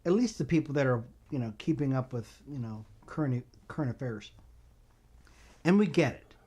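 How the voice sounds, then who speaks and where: A man co-hosting a casual political chat on a faith podcast, speaking in a measured, deliberate way with frequent ums and repeated phrases. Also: on the high side, a little mellow. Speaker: co-host.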